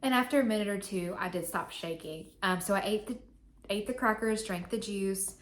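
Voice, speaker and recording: A woman's voice: mid-range voice, normal speed. A young woman vlogging to camera, telling a personal story in a chatty, candid way with many fillers.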